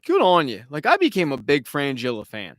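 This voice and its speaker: A man's voice: fairly high pitch, huge pitch swings, a little fast, no echo, clean studio sound. A man hosting a live recap stream, talking casually at home, rambling, swearing and slipping into mocking impressions. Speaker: show host.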